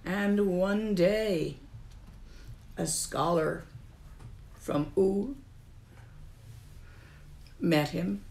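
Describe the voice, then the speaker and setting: Woman as Buddhist teacher: unhurried, gravelly, calm emphatic repetition. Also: on the low side. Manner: calm, emphatic, repeats key phrases. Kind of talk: slow, deliberate dharma teaching.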